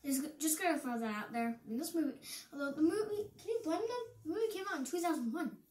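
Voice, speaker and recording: A teenage American girl rambles through a casual movie review, excitable and always cutting herself off. Her voice sits fairly high. The room around her has a noticeable echo. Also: fast. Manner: rambling and excitable, self-interrupting.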